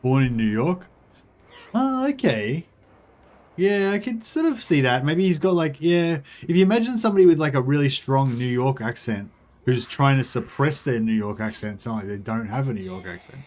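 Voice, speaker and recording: A man's voice: medium pitch, animated, moderate pace, darkish tone. A man streaming a strategy game, rambling casually, chatting with viewers and swearing now and then. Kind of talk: casual livestream commentary.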